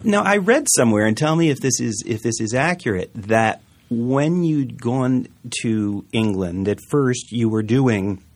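A man interviewing an actor, asking careful, measured questions. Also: medium pitch, expressive, a little mellow.

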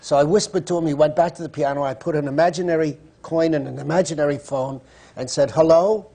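A man's voice: fairly high pitch, fairly even intonation, fast, creaky, warm tone. An older man on a panel, telling a wry story about an audition and chuckling at his own tale. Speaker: stage actor on a panel. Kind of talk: casual anecdote telling.

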